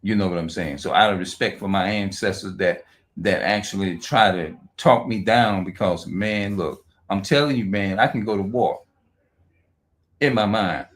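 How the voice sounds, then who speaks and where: A man talking off the cuff on a livestream, rambling and profane, repeating and restarting his words, and reading aloud slowly with stumbles. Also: fairly low pitch. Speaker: livestream host. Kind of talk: unscripted livestream monologue.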